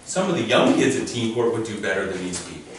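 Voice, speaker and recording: A man's voice: on the low side, animated, fast. Chatty man telling stories in an echoey room. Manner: chatty, amused, laughs through anecdotes. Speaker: teen court coordinator. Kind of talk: storytelling talk to teens and parents. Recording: echoey room from far off with faint noise.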